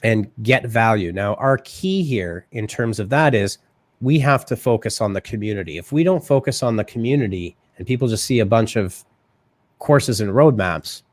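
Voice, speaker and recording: A man hosting a live marketing show, talking fast and casually and often checking in with "right?". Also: lowish voice, lively intonation, no echo. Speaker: host.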